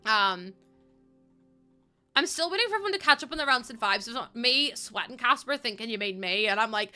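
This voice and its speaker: A young woman rambles casually while streaming a game, often dissolving into giggles, with music playing in the background. Her voice is fairly high, brisk and bright, pushed, with lively intonation.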